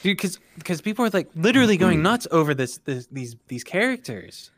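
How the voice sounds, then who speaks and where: A man's voice: high voice, sing-song, a little fast, dry recording. A young man joking with enthusiasm in a casual podcast chat.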